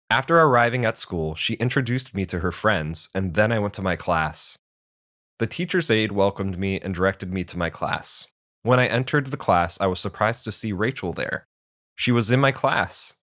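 A man with a very deep voice tells a first-person storybook tale in a steady, measured way. The recording is dry and close, with no room sound. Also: no echo.

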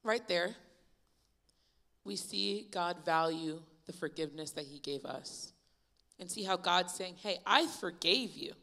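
A young woman preaching a youth sermon, retelling Bible stories in a lively, casual storytelling way. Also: on the low side, unhurried, creaky, long pauses. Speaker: youth pastor. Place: church youth service.

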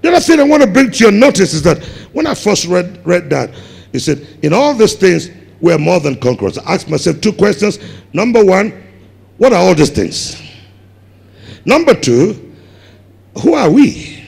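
Casual: ghanaian preacher guy, high lively voice, husky, keeps shouting key words. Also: moderate pace, long pauses. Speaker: pastor. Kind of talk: sermon. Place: large church hall. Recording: long hall reverb.

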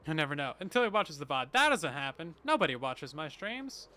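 A man's voice: a little high, sing-song, brisk, sharp tone. A man chatting casually and playfully to his viewers while he plays a game on a livestream, with bursts of mock panic. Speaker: streamer. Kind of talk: casual gameplay livestream chat.

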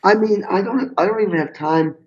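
An older man, a guest on a podcast interview, telling stories in an animated, swearing way and acting out what people said. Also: sits high, a little fast, dull audio. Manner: animated, swearing, acts out quotes. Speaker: guest drummer. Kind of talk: storytelling interview.

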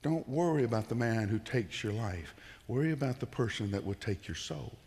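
A man's voice: lively intonation, normal speed. Man preaching in a reverberant church. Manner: conversational preaching, swings from loud emphatic bursts to low quiet tones. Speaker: pastor. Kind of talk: sermon.

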